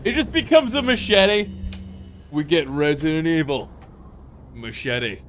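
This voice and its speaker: A man's voice: a little high, animated, a little slow, slight background noise. Casual chatty male game streamer. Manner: chatty, talks to himself and chat, swears casually. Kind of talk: casual live gameplay commentary. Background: game music.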